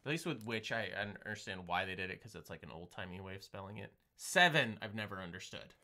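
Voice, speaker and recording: A man's voice: deep voice, fast, pushed and bright. A man co-hosting a casual film podcast, joking in crude banter and laughing often. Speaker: podcast co-host.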